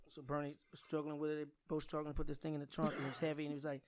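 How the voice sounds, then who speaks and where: A middle-aged comedian tells his stories with animation and loose slang, stumbling over restarts along the way. His voice sits a bit high for a man. The sound is dry and close. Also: completely flat delivery, very fast, dry recording. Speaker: comedian guest. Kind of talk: casual storytelling.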